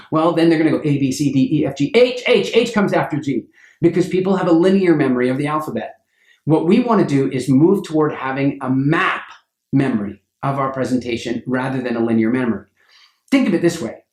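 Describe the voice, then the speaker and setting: A man's voice: a little fast, a little mellow, echoey room. A man coaching people on public speaking, telling stories and acting out the voices of the people in them. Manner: acts out quoted voices with big pitch jumps. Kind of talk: animated storytelling lesson.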